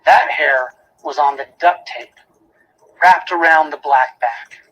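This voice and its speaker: A man's voice: a little high, slow, fairly bright tone, breathy edge, dull audio. A man giving a prosecutor's closing argument in a courtroom, emphatic, repeating key phrases and asking rhetorical questions.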